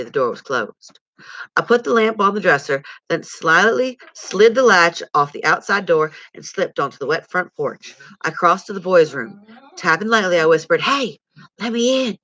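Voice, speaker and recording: Brief: woman reader, lively pitch, bright tone, dry home sound. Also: dry recording. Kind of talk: reading a novel aloud.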